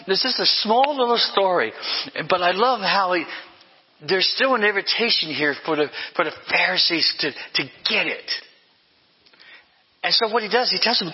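A man's voice: high-pitched, expressive, moderate pace, slightly rough, big-room sound, lo-fi sound. A man preaching a sermon as pastor, passionate and emphatic, often repeating his phrases.

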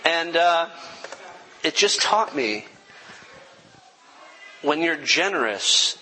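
A man's voice: fairly high pitch, very animated, drawn-out words, long pauses, in a large hall, background noise. A young adult man, a pastor giving an earnest, self-deprecating sermon testimony that turns emotional at times.

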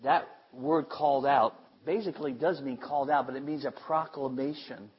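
A man preaching a sermon with emphasis, repeating phrases and swinging between loud declarations and hushed asides. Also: medium pitch, fairly even intonation, normal speed, slightly rough, muffled recording.

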